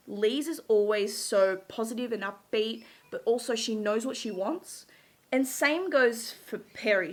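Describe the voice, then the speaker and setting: A woman's voice: a little high, a bit bright. Bubbly giggly young woman. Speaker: YouTuber recapping a TV show. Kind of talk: casual chat.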